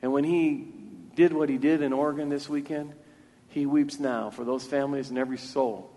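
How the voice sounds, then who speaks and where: Dark in tone and medium in pitch, the pastor keeps his intonation fairly even and his pace moderate. His sermon in the church sanctuary is earnest and free-flowing, with words repeated as he restarts ideas, and the room adds a long reverb.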